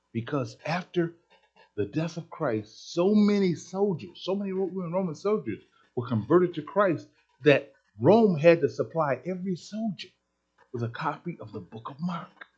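A man preaching a sermon, telling a story with excitable, emphatic energy. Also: fairly high pitch, a little slow, breathy edge. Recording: dull lo-fi sermon recording.

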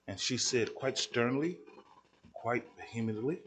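A man preaching a sermon, telling a story and acting out the dialogue, moving from quiet asides to loud, emphatic peaks. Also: mid-range voice, animated, normal speed. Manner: acts out dialogue, swings from hushed to shouting.

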